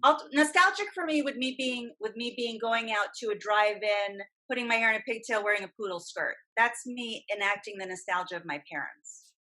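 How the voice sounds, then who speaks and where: Bright-voiced middle-aged woman, animated talker. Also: on the high side, fairly quick, hardly any pauses, poor audio. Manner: animated, emphatic, talks at length. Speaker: guest voice actress and voice coach. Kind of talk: casual podcast chat.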